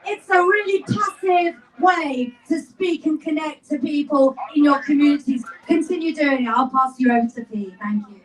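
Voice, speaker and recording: A woman's voice: very high-pitched, bright, forceful tone, slight background noise. A woman emceeing an outdoor rally, introducing speakers with enthusiastic, encouraging calls to the crowd. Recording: voice picked up from a distance.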